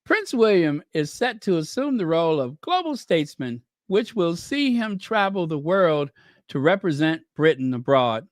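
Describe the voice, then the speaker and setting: A man with a fairly high voice talks in a casual, sarcastic way, piling on rhetorical questions and wry asides. The sound is close and dry, with no room around it. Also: big pitch swings, normal speed, no echo. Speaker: commentator. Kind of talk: casual chat.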